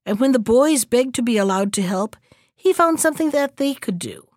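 Storybook narrator, woman, expressive reading, dry close recording. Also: a little high, normal speed, dry recording. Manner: lively, expressive.

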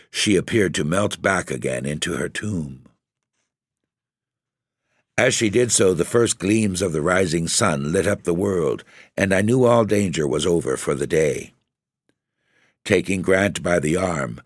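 A man with a very deep, low voice reading a gothic horror story. His delivery is measured and grave, with a dramatic weight on each phrase, and the sound is dry and close. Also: no echo. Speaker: narrator.

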